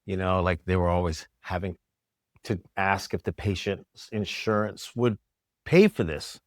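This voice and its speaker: A middle-aged man with a low, deep voice, chatting as a podcast guest. He tells his story in an animated way and slips into the voices of people he quotes. The recording is close and dry, with no room around it. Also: unhurried, no room sound. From New York. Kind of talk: casual interview storytelling.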